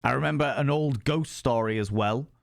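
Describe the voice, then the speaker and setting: A man's voice: medium pitch, normal speed, gravelly, no room sound, clean studio sound. A man telling a ghost story on a live stream, sweary and rambling.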